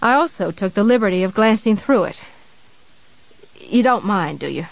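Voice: medium pitch, lively intonation, normal speed, vocal fry, dry recording. A narrator reading an audiobook and voicing an obsessive, unstable woman caretaker with an earnest, cloying, prim manner. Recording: dry, slightly dull recording.

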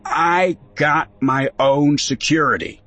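A man voicing a gruff, stubborn seventy-five-year-old rancher with a gravelly voice, curt and dismissive in a spoken story. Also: fairly high pitch, slow, pushed and bright, voice pushed up, exaggerated voice.

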